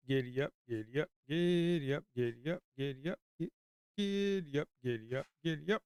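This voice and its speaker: Talking straight to his chart, this livestreaming day trader coaxes the market aloud, keeps up casual commentary and occasionally swears under his breath. His mid-range voice is animated, a little fast, darkish and smooth, in an echo-free studio-quality recording.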